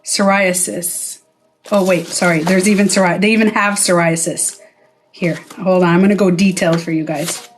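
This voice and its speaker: In a lowish, steady voice at normal speed, a middle-aged ex-spa owner talks directly to the camera for a casual vlog, faint music behind her. She's frank, swears freely, and puts on voices for anyone she quotes.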